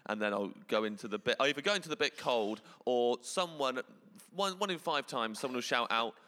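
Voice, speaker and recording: A comedian tells tour stories in a bright, forceful voice, his words spilling out with restarts and chuckles. The sound carries a long hall reverb behind him. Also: medium pitch, fairly quick. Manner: animated storyteller, laughing mid-sentence, many restarts. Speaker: comedian guest. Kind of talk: casual chat, telling stand-up anecdotes.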